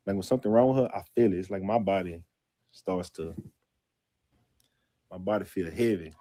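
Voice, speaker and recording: Low-voiced man, confessional podcast guest, dry close sound. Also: warm tone, no room sound. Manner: earnest, halting, confessional. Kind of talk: casual podcast talk.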